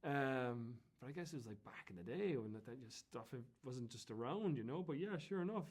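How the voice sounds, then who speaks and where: An Irish man telling anecdotes as an interview guest, in a chatty, animated way that often breaks into laughter. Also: medium pitch, fairly quick. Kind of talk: casual storytelling.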